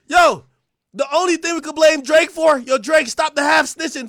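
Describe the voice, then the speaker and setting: A man hosting a livestream, ranting loudly and profanely, often laughing and now and then rapping lines in a casual chat. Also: very high-pitched, unhurried, pauses often, no room sound, clean studio sound. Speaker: livestream host.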